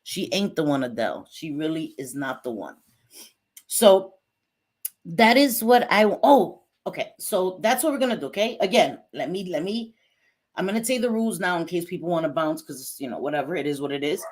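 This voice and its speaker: Young adult woman, livestream host; sassy casual chatter, slightly low voice, mixes in Spanish. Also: lively intonation, brisk, a little mellow. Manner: chatty, swings between sass and apologies.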